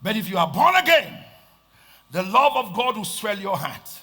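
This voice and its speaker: A pastor with a Nigerian accent preaches a sermon in a high, sing-song voice at normal speed, swinging from shouted lines to hushed asides and repeating phrases for emphasis.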